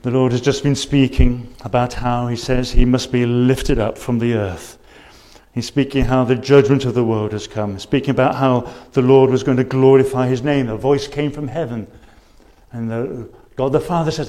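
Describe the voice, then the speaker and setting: Preaching in church, a man with a mellow, medium-pitched voice urges his congregation earnestly. He keeps asking rhetorical questions and cites scripture in archaic phrasing.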